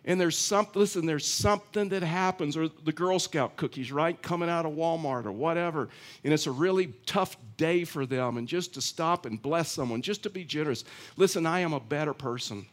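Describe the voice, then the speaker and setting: A man's voice: on the high side, normal speed. A middle-aged male pastor giving a conversational sermon, telling stories with frequent restarts. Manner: chatty storytelling, many restarts.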